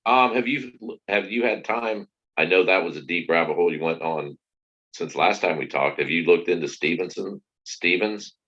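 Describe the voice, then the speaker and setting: A man co-hosting a casual chat, speaking calmly and with some hesitation. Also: deep voice, moderate pace, lo-fi sound.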